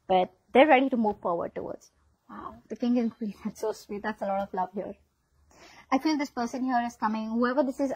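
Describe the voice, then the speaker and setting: A woman's voice: fairly high pitch, a little mellow, husky, dry recording, lo-fi sound. A woman giving a casual tarot reading, chatty and filled with "okay?" check-ins. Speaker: tarot reader.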